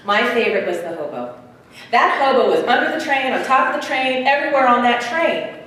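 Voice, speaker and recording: Woman guest speaker, storytelling sermon, animated, big hall echo, faint room ambience. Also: fairly high pitch, a little hiss or hum. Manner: animated storytelling, swinging from loud to hushed. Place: theater hall at a church service. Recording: echoey hall from far off.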